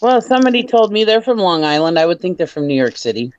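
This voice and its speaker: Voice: mid-range voice, very animated, fast, muffled recording. A host chatting casually with a group of guests, easygoing and laughing often. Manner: laughs often, easy-going.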